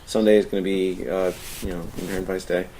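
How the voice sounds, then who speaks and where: Low-voiced easygoing man co-hosting. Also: flat delivery, fast talker, warm tone, a little hiss or hum, rough recording. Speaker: podcast co-host. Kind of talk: casual chat about movies. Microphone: internet call.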